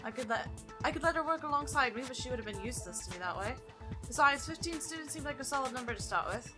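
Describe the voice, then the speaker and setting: A woman's voice: sits high, animated, fast talker, over music. A woman playing a smug lecturing girl mastermind. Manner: condescending, theatrical and cruel. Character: haughty teen girl mastermind, lecturing like a teacher. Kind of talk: fan voice-acting over a game.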